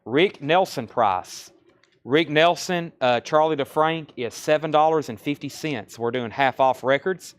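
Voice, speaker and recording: A man from Tennessee with a Southern accent, hosting a live record sale and briskly calling out titles, prices and buyers. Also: fairly high pitch. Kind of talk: live-stream sales patter.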